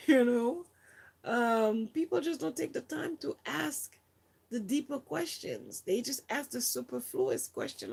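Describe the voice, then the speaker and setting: Husky gravelly woman telling a story. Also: a little high, sing-song, takes it slowly, darkish tone. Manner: chatty, many fillers, acts out quotes. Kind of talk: casual storytelling.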